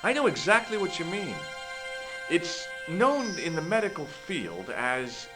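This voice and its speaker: Wry adventurer hero. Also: male voice, on the high side, big pitch swings, unhurried, music in the background. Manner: dry, wry narration and questioning. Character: wry young male adventurer posing as a doctor. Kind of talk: video game voice acting.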